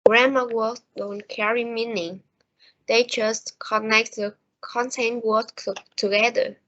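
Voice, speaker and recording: A woman giving a class presentation on pronunciation, reading her prepared notes slowly and carefully. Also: on the high side, fairly even intonation, fairly bright tone. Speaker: student presenter. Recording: dull lo-fi recording.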